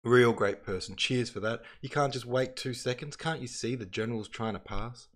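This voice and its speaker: A man's voice: lowish voice, flat delivery, a little fast, close to an everyday voice. A man reading as a sarcastic soldier. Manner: mocking, sarcastic. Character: sarcastic male Cossack soldier.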